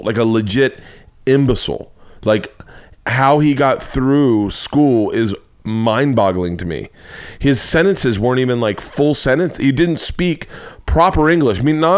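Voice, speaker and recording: A middle-aged man hosting his own podcast, rambling through stories in a loose, profane, comedic monologue. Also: mid-range voice. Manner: profane, rambling, animated storytelling. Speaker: podcast host.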